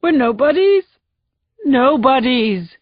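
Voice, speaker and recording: A woman's voice: high voice, expressive, takes it slowly, no echo, pitched above the performer's own voice, exaggerated voice. A woman voicing a grief-stricken burly man who is crying and pleading in a choked voice. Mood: anguished. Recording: dull, dry studio sound.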